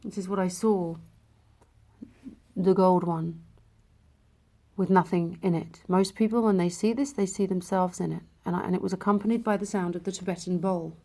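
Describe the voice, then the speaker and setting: A woman vlogger telling a personal spiritual experience, in an emotional way with hushed passages. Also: lowish voice, fairly even intonation, normal speed.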